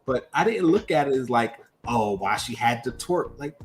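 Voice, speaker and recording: Animated, emphatic man ranting on a livestream. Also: medium pitch, moderate pace. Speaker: livestream co-host. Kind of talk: casual pop-culture chat.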